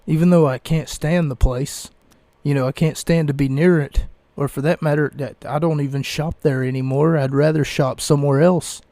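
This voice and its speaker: A young man hosting a casual podcast, rambling through reviews with many fillers, pauses and restarts. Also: on the high side, steady tone, mellow, no echo. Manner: slow, halting, many fillers and self-corrections. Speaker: podcast host reviewing wrestling events.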